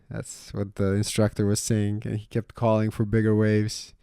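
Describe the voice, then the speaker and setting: A young man chatting casually about his life in a vlog. He swears freely, leans on "you know" and "man", and gets louder when he retells a story. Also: on the low side, completely flat delivery, normal speed, gravelly, clear, resonant tone, dry recording, clean studio sound. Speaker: vlogger.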